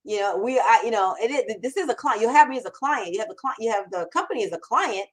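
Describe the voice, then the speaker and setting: Woman mentor, live Q&A chat, emphatic, repeats herself, fairly high pitch. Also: animated, fast, rough recording. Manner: emphatic, conversational, repeats phrases and restarts. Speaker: copywriting mentor and show host.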